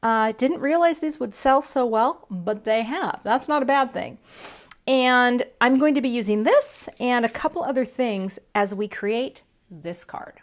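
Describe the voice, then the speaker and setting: A woman's voice: a little high, lively intonation, unhurried. A middle-aged woman hosting a casual live crafting stream, chatty and self-deprecating, rambling through asides. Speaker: card-making channel host.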